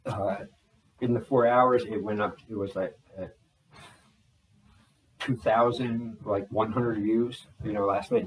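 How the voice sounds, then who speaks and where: A man talking in a rambling video journal, holding back a restless energy and slowing himself down on purpose. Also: lowish voice, far from the mic, low-quality recording. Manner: restless, deliberately slowed and restrained delivery; frequent fillers and restarts. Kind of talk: rambling personal journal talk. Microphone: laptop.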